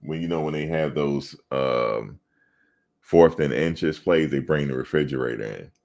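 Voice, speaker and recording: Male, very deep voice, relaxed profane storyteller in a sports chat. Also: measured pace, vocal fry. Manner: loose, profane storytelling with laughter. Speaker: podcast co-host.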